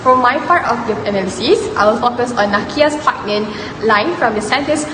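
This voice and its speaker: A woman's voice: a little high, lively intonation, brisk, few pauses. A young woman student introducing herself and reading a prepared phonetics presentation, with small slips. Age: young adult. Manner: reads a prepared script with slips. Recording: echoey room with long reverb and noise.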